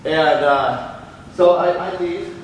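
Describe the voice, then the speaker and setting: A man's voice: on the high side, takes it slowly, slight background noise. A man, a police officer, telling his own story candidly to an audience and acting out the people he quotes. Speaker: police officer giving a talk. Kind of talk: personal testimony to an audience. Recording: echoey hall, speaker far from mic, faint ambience.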